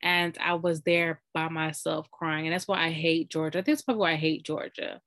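A woman's voice: deep voice, steady tone, brisk, fairly bright tone. A woman in a casual chat, telling a heartfelt personal story in a rambling way with lots of "like".

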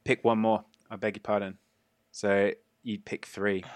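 A man narrating a tabletop game as game master, describing the action in a casual way with quick asides. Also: on the low side, level tone, no echo.

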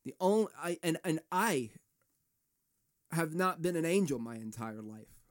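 A man's voice: fairly high pitch, animated, measured pace. Fired-up, profane male podcast host. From United States. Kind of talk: ranting solo podcast.

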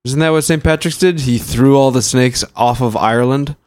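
A man's voice: medium pitch, moderate pace, darkish tone, clean tone. A man from Canada trading sardonic, profane jokes in improvised comedy banter.

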